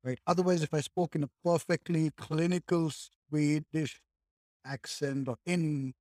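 A man's voice: fairly high pitch, fairly even intonation, a little slow, a little mellow, no room sound, clean studio sound. A man from India in casual conversation, thinking aloud and leaning on "like" and "right?" a lot.

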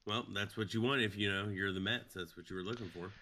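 A man's voice: on the low side, fast talker, pushed and bright. A man co-hosting a podcast, dropping short wry remarks in casual chat. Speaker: podcast co-host.

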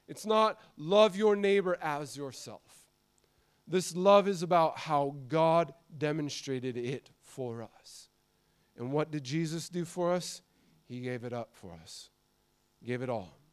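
A middle-aged American man preaching a sermon, swinging from loud emphasis to soft, confiding passages. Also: on the high side, clean tone. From United States.

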